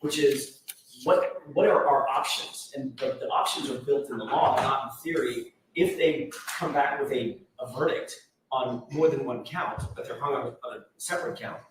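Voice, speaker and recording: A man's voice: mid-range voice, normal speed. A man arguing as a defense attorney in a courtroom, pressing his point insistently and restarting phrases. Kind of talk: courtroom argument. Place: large courtroom. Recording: echoey distant courtroom feed with faint noise.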